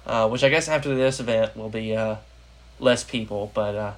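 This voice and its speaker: A man's voice: fairly low pitch, moderate pace. A young American man hosting a casual political podcast, rambling with lots of fillers. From United States. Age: young adult. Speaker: podcast host.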